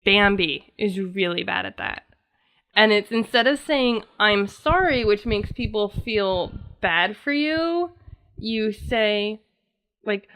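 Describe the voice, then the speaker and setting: A woman hosting a casual podcast chat, chatty and quick to agree. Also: mid-range voice, a bit bright, smooth. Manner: chatty, lots of agreeing "right" and laughter.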